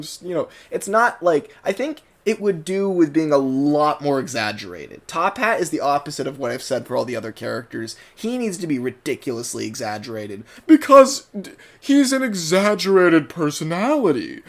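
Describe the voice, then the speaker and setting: A man's voice: on the high side, big pitch swings, normal speed, few pauses. A young man with a British accent, speaking in a slightly raised register. He talks through his ideas in a loose, rambling way, circling back as he analyses. It sounds like casual solo commentary. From Britain.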